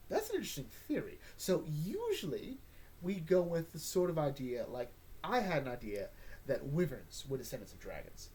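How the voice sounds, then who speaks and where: A man with a fairly high voice runs through a comic recap in a loose, rambling way. His pitch swings widely as he tosses off sarcastic jokes. He talks like a casual host chatting to his listeners. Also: darkish tone, breathy edge. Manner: joking, rambling, sarcastic asides. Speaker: comic book podcast host.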